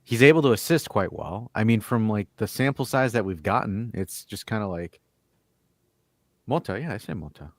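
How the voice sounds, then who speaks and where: A man's voice: lowish voice, animated, normal speed, no room sound. A man hosting a casual call-in sports podcast, reading viewer comments and arguing his point with lots of stammered restarts. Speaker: host.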